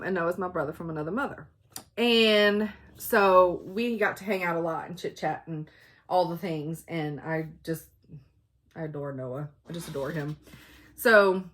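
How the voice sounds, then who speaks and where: Lady vlogging, loud and chatty, laughs a lot, middle-aged. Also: on the low side. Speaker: cross-stitch vlogger. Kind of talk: casual storytelling chat.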